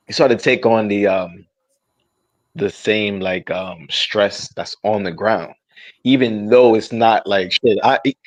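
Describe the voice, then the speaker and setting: American guy calling in, low voice, slow and halting, muffled call audio. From United States. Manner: halting, searching for words. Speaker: caller on a livestream. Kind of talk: casual chat.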